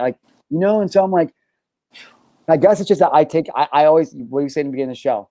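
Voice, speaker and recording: A man's voice: a little high, racing, mellow, dry recording, poor audio. A man hosting a podcast, talking candidly and emphatically, swearing often and restarting his sentences. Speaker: show host.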